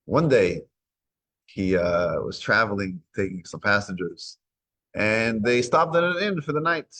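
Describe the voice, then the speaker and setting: A man's voice: on the low side, animated, unhurried, fairly bright tone. A man teaching a weekly Torah class, retelling a story and acting out its dialogue. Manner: acts out dialogue in retold stories.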